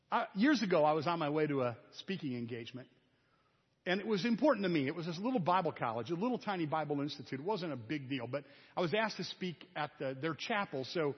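Folksy middle-aged preacher guy, kinda breathy, echoey dull church recording. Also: a little high. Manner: storytelling, folksy and conversational. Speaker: pastor. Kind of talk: sermon. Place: church sanctuary.

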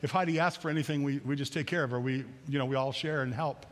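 A man's voice: medium pitch, steady tone, quick pace, in a large hall. A middle-aged man, a pastor, preaching a conversational sermon that repeats phrases and acts out prayers. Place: church sanctuary.

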